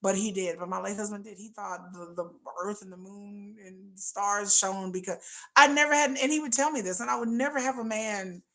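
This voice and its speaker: A middle-aged woman hosting a livestream, chatting casually and acting out quoted lines in a lowered voice. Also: moderate pace. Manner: animated, acts out quotes in lowered voice. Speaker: livestream host. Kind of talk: casual storytelling chat.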